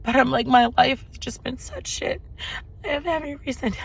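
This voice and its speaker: A woman's voice: sits high, normal speed, creaky, husky. A woman giving an emotional personal testimony to her viewers. She swears freely, repeats phrases for emphasis and slips into preaching. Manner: preachy, addresses viewers directly. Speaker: spiritual vlogger.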